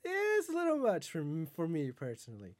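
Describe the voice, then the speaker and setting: A man's voice: fairly high pitch, huge pitch swings, fairly quick, dry recording. A man co-hosting a casual wrestling podcast, who laughs often and drops short, dry quips. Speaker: podcast co-host.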